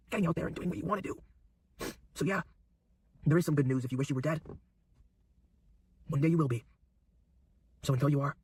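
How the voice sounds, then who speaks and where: A man's voice: on the high side, fairly quick, long pauses, a little mellow, husky. A young man giving an emotional, intense motivational monologue, repeating phrases for emphasis. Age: young adult. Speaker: YouTuber.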